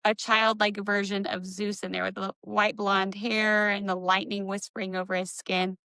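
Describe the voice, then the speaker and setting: A woman's voice: medium pitch, level tone, moderate pace, sharp tone, smooth, no room sound, low-quality recording. A woman co-hosting a casual book discussion, talking in a rambling, questioning way with fillers. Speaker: book podcast co-host.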